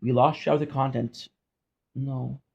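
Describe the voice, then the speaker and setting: A man's voice: mid-range voice, fairly even intonation, measured pace, vocal fry, darkish tone, slightly rough, lo-fi sound. A man talking casually to his viewers as a gaming streamer, frustrated, swearing and repeating himself. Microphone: phone.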